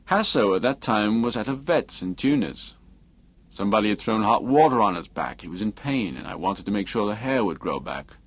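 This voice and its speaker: A man's voice: fairly low pitch, lively intonation, normal speed, husky. A man voicing a blunt, sardonic male painter with a cutting, dismissive way of talking, in an audiobook. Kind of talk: audiobook character reading.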